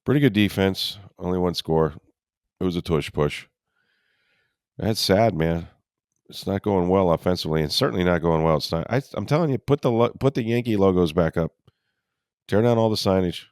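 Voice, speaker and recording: A man's voice: low voice, normal speed, darkish tone, dry recording, clean studio sound. A man co-hosting a casual sports podcast, stuffed up from a summer cold, grumbling wryly as he talks. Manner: wry, grumbling banter. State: congested from a cold. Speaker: podcast co-host.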